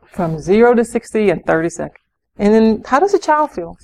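A woman's voice: mid-range voice, big pitch swings, moderate pace, warm tone, a little hiss or hum. A middle-aged woman giving a parenting workshop, asking her audience questions and acting out scenes between parents and children.

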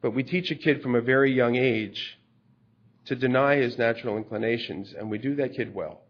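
A man's voice: mid-range voice, moderate pace. Conversational male preacher, lo-fi recording. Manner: conversational, explains scripture with everyday stories. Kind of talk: sermon. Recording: dull lo-fi recording.

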